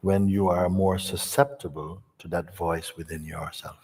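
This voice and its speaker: A man speaking as a spiritual teacher, giving an unhurried storytelling talk to an audience. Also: deep voice, steady tone, darkish tone, husky, in a large hall.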